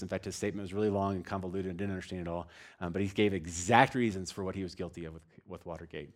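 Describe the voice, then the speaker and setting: A young adult man telling a story in a sermon, animated, swinging between loud excited bursts and hushed, low passages. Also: very fast. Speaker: pastor.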